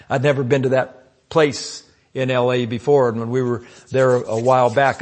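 A man preaching a sermon, calling out "amen?" to the congregation and swinging between loud emphatic lines and low asides. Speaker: pastor.

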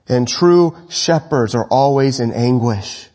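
Male preacher, somewhat high and husky, impassioned sermon delivery. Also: expressive, moderate pace. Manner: impassioned, swings between raised urgent lines and low quiet ones. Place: church congregation, evening service.

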